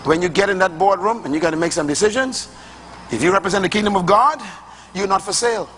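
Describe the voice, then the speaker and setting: Bright-voiced high male preacher. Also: fast, slight background noise. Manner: emphatic, rhythmic preaching with colloquial speech. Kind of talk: sermon.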